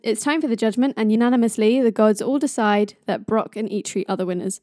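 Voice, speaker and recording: A woman's voice: on the high side, brisk, hardly any pauses, mellow, no room sound, studio quality. A woman retelling a myth in a chatty, playful way, who jokes about stumbling over hard names. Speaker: storyteller. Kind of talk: casual myth storytelling.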